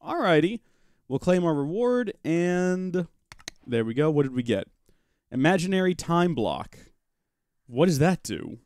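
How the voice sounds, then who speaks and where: A man's voice: a little high, big pitch swings, unhurried, pauses often, a little mellow. A man hosting a live gaming stream, chatting casually with viewers and joking with an in-game pet as he plays. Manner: chatty, joking asides, talks to chat and his pet rock. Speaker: gaming livestream host. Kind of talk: live Minecraft modpack let's-play commentary.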